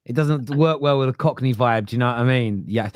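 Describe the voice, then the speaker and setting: A man's voice: mid-range voice, a little fast, dry recording, clean studio sound. A man with a London accent hosting a casual football podcast, chatting and reading viewer comments aloud. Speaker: podcast host. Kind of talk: casual panel chat.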